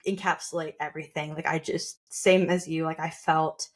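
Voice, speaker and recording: A young woman hosting a podcast tells a personal story in a relaxed, chatty way. Her voice sits slightly low, and she keeps breaking into quoted asides and casual fillers. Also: normal speed. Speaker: podcast host sharing her birth story.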